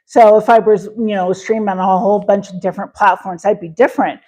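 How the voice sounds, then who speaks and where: A woman's voice: medium pitch, fairly even intonation, fast talker, mellow, rough recording. A woman hosting a cooking livestream, chatting casually and answering viewer comments with folksy sayings and many fillers. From Wyoming. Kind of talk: casual live-stream chat while cooking.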